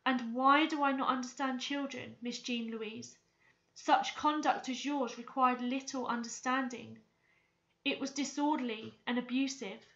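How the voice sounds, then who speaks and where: Stern, measured uncle scolding a child, read by a woman from a storybook, high bright voice, muffled recording. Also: fairly even intonation. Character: stern grown man, a girl's strict uncle.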